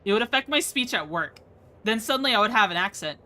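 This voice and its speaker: A woman's voice: medium pitch, lively intonation, fast talker, pushed and bright. A young woman streaming a game, chatting casually and rambling from topic to topic, laughing often. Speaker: VTuber streamer. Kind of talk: casual live-stream chat.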